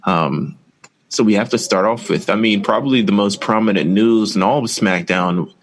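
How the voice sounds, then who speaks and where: Rambling podcast co-host, low voice. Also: male voice, moderate pace. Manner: rambling, opinionated, filler-heavy. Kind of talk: casual wrestling chat.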